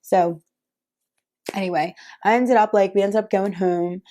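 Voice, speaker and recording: Young woman vlogger, casual storyteller, soft dark tone, filler-heavy chatty delivery. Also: medium pitch, steady tone, measured pace. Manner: chatty, lots of "like" fillers, frequent laughs.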